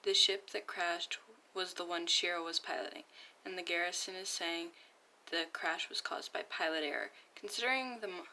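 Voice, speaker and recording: A woman's voice: lowish voice, moderate pace, pushed and bright, a little hiss or hum, poor audio. Earnest, chatty young woman. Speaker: fan comic dub reader. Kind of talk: casual fan commentary.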